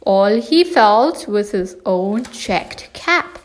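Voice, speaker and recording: A woman reading a children's picture book aloud, slow, deliberate and expressive. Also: medium pitch. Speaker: storyteller. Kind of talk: children's storybook read-aloud.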